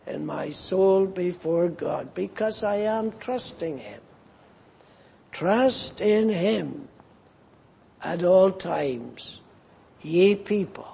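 Slow, gravelly-voiced male preacher. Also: animated, dark tone, slight background noise. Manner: slow, earnest preaching that rises in pitch as it builds. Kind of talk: sermon.

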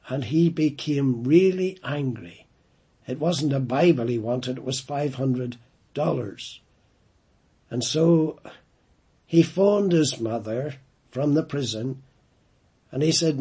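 Male preacher, husky and unhurried, storytelling sermon delivery. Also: medium pitch, dark tone. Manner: storytelling, slowing down for emphasis.

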